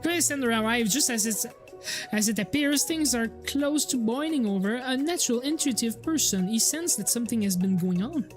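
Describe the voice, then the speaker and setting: A woman's voice: fairly high pitch, lively intonation, normal speed, soft background music. A young woman with a French accent, streaming and reading a game aloud in a casual way, swearing now and then. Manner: casual, swears, reacts to chat.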